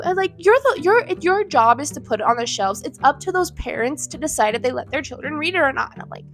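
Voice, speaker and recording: A woman in her twenties vents on her own channel in a heated, indignant rant, blunt and quick to swear. Her voice sits high, with faint music playing quietly beneath. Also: expressive. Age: 20s. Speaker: vlogger. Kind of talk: ranting commentary to camera. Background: faint background music.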